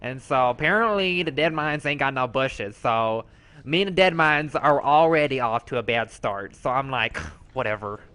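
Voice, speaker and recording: A man's voice: mid-range voice, moderate pace, bright, forceful tone, clean tone, voice pushed down, natural voice. A man voicing a sassy, foul-mouthed rogue character, telling a brash, slangy, profane story as comedic commentary.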